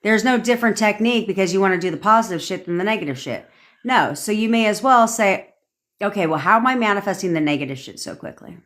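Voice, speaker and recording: A woman's voice: mid-range voice, lively intonation, fast talker, a bit bright. A woman, a manifestation coach, telling a story in a casual live-stream rant, swearing freely and repeating points for emphasis.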